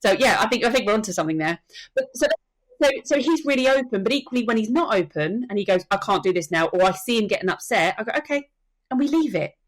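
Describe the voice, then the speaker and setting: A soul midwife and death educator speaks fast in a slightly high voice with lively intonation during a podcast conversation. She tells stories earnestly and acts out what people said.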